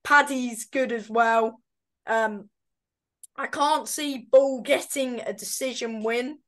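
Chatty woman with a higher voice. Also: takes it slowly, fairly bright tone. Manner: chatty, hesitant, self-correcting. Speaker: boxing pundit co-host. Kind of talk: casual fight predictions chat.

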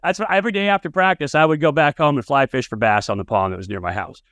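He speaks fast in a higher-pitched voice, with no echo on the recording. The man is a sports podcast host and analyst holding a casual, anecdote-filled interview with a coach, chatty throughout and animated when spinning a tale.

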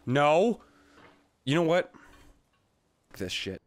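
A young man and gaming YouTuber reacting live as he plays, loud and excitable, swearing constantly and breaking into frustrated outbursts. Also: fairly high pitch, drawn-out words. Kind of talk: live reactions while playing a game.

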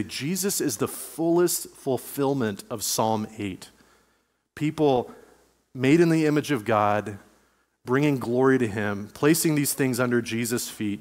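A man preaching a sermon as pastor, speaking conversationally and reading scripture aloud. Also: medium pitch. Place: church sanctuary. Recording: long church hall reverb.

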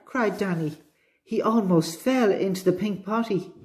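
A woman with an Irish accent, a librarian reading a children's storybook aloud with expressive delivery. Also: mid-range voice, a little slow.

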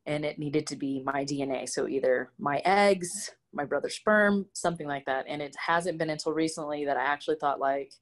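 A woman speaking as an interview guest in a casual conversation, candid and expressive as she tells personal stories. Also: sits low, fairly quick, hardly any pauses. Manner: candid and expressive, animated storytelling.

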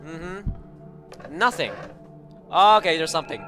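A man giving commentary while playing a horror game, often yelling and screaming in panic. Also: a little high, sing-song, a little slow, pauses often, faint music behind. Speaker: gameplay video creator.

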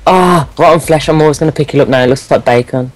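A man's voice: fairly high pitch, fast talker, rough recording. A young man playing a game with a friend, teasing him dryly and grumbling about dying. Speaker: co-player. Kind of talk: casual gameplay chat.

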